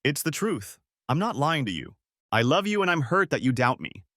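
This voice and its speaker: A man's voice: fairly high pitch, very animated, normal speed, a bit bright, no echo, studio quality, voice pushed up. A man voicing an adult wife who stammers defensively and pleads through tears. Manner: stammering, defensive then sobbing.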